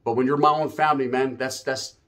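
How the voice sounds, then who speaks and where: A man's voice: medium pitch, steady tone, a little fast, fairly bright tone. Profane, swaggering man ranting to camera. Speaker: YouTuber.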